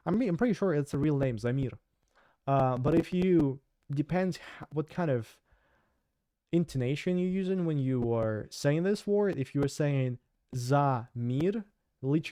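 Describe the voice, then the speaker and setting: Young guy doing sarcastic news chat, smooth mellow voice, dry close mic. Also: on the high side, no room sound. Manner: sarcastic, chatty, with fillers and restarts. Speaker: host. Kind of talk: casual news commentary.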